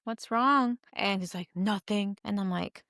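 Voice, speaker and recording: Candid, bright-voiced woman in casual chat. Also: medium pitch, unhurried, no echo, studio quality. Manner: candid, emotional, mixes Spanish into English. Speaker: podcast co-host.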